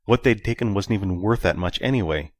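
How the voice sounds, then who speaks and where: A man narrating an audiobook in a steady, even storytelling manner. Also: lowish voice, brisk, no room sound, studio quality. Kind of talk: scripted narration.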